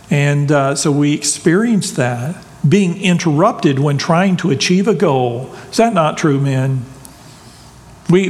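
A man's voice: fairly high pitch, long reverb tail. A man preaching a sermon in a conversational, folksy way with humorous asides. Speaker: pastor.

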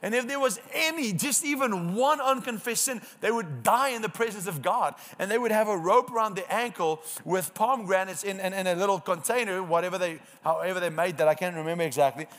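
Man, high voice, preaching, emphatic sermon, rhetorical questions, stumbles and repeats words. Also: a little fast, few pauses, fairly bright tone.

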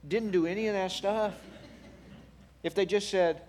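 Animated, playful male preacher. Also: high voice, measured pace, long pauses, slight background noise. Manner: animated, playful, wry humor. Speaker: pastor. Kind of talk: sermon.

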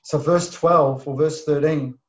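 A man preaching a sermon, swinging from emphatic bursts to soft, near-whispered lines. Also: a little high, steady tone, a little slow. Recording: dull lo-fi sound.

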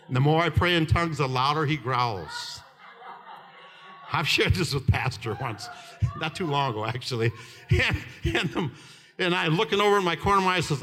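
An older man in his seventies delivers a fervent sermon in a high voice. His tone is bright and ringing, and he tells stories with laughter and shouted peaks. The sound carries a long hall reverb. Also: animated, normal speed. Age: 70s. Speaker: preacher.

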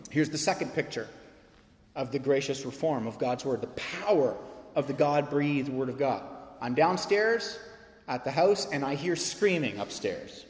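A pastor delivers a sermon in a church sanctuary, his mid-range male voice unhurried yet animated. He tells stories with energy and acts out the voices he quotes, while the echoey hall carries a long reverb.

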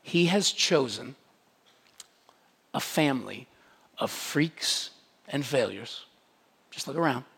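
A pastor preaching a sermon in an animated, conversational way, with emphatic rhetorical questions and quick asides. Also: vocal fry, husky, long reverb tail. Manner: animated, conversational preaching with wide swings in pitch and loudness.

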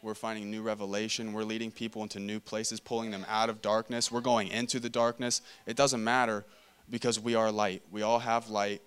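The speaker is a male preacher in a church meeting room, giving a casual sermon in which he reads scripture aloud and talks it over conversationally, often repeating and restarting phrases. His lowish voice is clear, resonant, and fairly bright, with little pitch movement and a slightly fast delivery.

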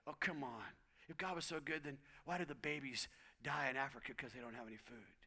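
A man voicing the devil as a sly male tempter, whispering doubts in a hushed, coaxing voice. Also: medium pitch, a little fast, pitched below the performer's own voice.

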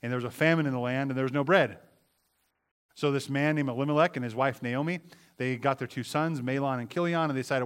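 A man's voice: medium pitch, fast talker, smooth. A man preaching a sermon in a conversational way, often repeating words and asking his listeners questions.

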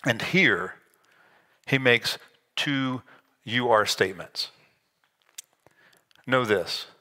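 A man's voice: mid-range voice, drawn-out words, pushed and bright. A man preaching a sermon, explaining scripture in a conversational way and slipping in self-deprecating asides. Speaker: pastor.

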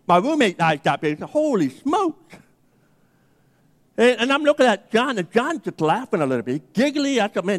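A man preaching a sermon, telling a personal story and acting out the dialogue. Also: high voice. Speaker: pastor. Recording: long hall reverb.

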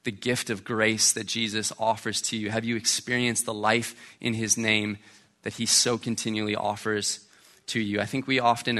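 Bright-voiced male pastor preaching. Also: on the low side. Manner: conversational, keeps asking "right?". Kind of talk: sermon.

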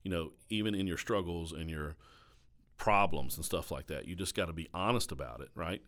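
A man with a Southern American accent, a pastor hosting a podcast, talking earnestly and confessionally in casual conversation and often checking in with a quick question tag. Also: deep voice, a bit bright.

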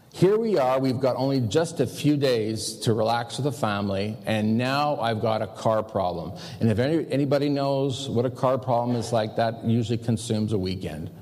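A pastor telling a personal story in a sermon, animated and self-mocking as he confesses his own failings. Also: medium pitch. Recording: long hall reverb.

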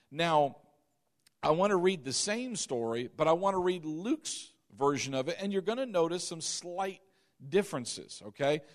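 A male pastor with a fairly high-pitched voice preaches a sermon, reading scripture aloud and repeating key phrases for emphasis. At times he asks the congregation to repeat after him.

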